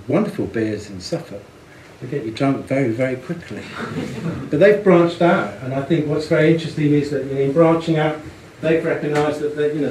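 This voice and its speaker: In a rough recording with some hiss or hum and an echoey room, a man gives an audience presentation on branding and packaging. He has a mid-range, darkish voice and comes across chatty and amused, repeating words as he thinks things through.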